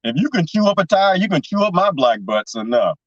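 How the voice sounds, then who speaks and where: A man's voice: sits high, big pitch swings, fairly quick, dry recording, far from the mic, lo-fi sound. A man chatting on a livestream, rambling and conspiratorial, laughing often as he reads viewer comments. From lives in Texas. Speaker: livestream host. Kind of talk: casual livestream chat reading comments.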